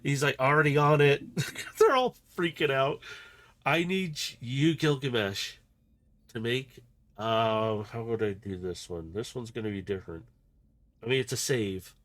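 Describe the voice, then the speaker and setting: A man's voice: mid-range voice, lively intonation, unhurried, a bit bright. A man acting as game master, narrating a tabletop game in a loose, chatty way and laughing often.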